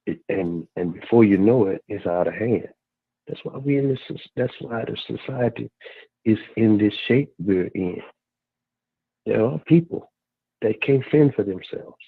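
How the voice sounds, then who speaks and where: Deep gravelly guy calling in, husky, earnest, tinny phone sound. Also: animated, dry recording. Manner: earnest, halting with restarts. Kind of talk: casual radio talk.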